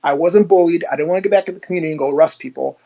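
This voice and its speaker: A man's voice: fairly high pitch, rapid-fire, vocal fry, lo-fi sound. A man who is a former police officer, telling his story in an interview and acting out the dialogue as he goes. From Ohio, United States. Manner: animated storyteller who acts out quoted dialogue.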